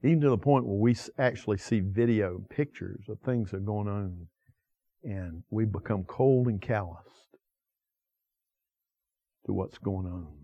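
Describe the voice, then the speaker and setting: A man preaching a sermon with passion, asking the listeners many direct questions and swinging from loud emphasis to quiet asides. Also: on the low side, measured pace, creaky, long pauses, no echo, lo-fi sound. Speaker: pastor.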